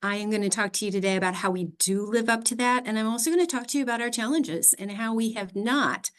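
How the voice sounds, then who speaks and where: A woman's voice: on the high side, fast talker. A middle-aged woman with an Upper Midwest American accent, giving a friendly, chatty presentation as a library director. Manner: friendly, chatty, with fillers and small laughs. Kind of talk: casual presentation.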